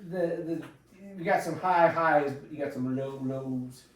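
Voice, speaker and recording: A man's voice: a little high, unhurried. A man in his forties, a podcast guest, chatting casually and joking, often slipping into mocking quoted voices. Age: 40s. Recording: roomy echo, far from the mic.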